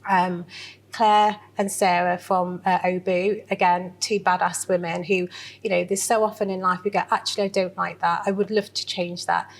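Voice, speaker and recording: A woman's voice: on the low side, little pitch movement, normal speed. A woman giving a candid interview, talking animatedly with lots of fillers and restarts. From England. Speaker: interview guest. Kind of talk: casual interview.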